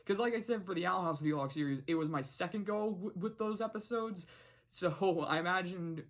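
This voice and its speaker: A young adult vlogger talks through a cartoon episode in a loose, rambling way. The speech is full of restarts, fillers and frequent laughter, at an even middle pitch. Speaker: show reviewer. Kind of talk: casual vlog episode review.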